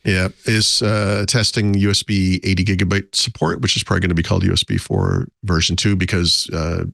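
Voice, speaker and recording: A man's voice: low-pitched, little pitch movement, a little fast, gravelly, a bit bright, dry recording, studio quality. A man co-hosting a tech podcast, rambling in a casual, self-deprecating way with frequent chuckles. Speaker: podcast co-host.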